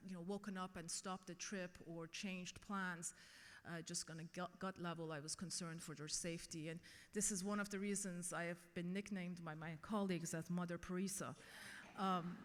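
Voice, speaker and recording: A middle-aged woman delivers a keynote speech in a conference hall, earnestly sharing a personal story. Her voice sits on the low side with a slightly bright tone, and the large hall adds a long reverb.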